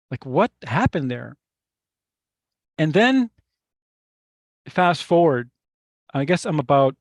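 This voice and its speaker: A middle-aged male meditation teacher recounts a story from his own life. His voice sits a little high for a man and sounds dry and close. He speaks reflectively and haltingly, restarting phrases and turning to his listeners with asides. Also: no echo. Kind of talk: personal storytelling in a workshop talk.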